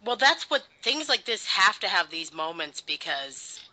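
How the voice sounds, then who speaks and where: Jokey guy chatting about a movie, bright sharp voice, says you know a lot. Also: high voice, big pitch swings, unhurried, low-quality recording. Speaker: podcast co-host. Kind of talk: casual film commentary chat.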